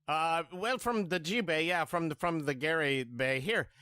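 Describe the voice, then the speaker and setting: Hesitant bright-voiced man at a game table. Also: a little high, moderate pace, clean tone, dry recording, studio quality. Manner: hesitant, filler-heavy. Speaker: player. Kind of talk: in-character tabletop banter.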